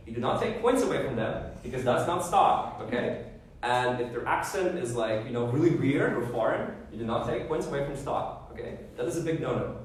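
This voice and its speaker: A man giving a classroom lecture on debate judging, often checking in with "okay?" and "right?". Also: medium pitch. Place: lecture room. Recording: echoey room, voice far from the mic, faint background noise.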